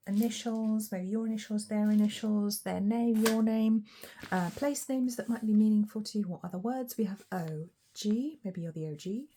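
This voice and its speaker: A woman's voice: mid-range voice, mellow, slight background noise. A woman giving a chatty, casual pick-a-card tarot reading, thinking aloud and laughing lightly as she goes. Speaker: tarot reader.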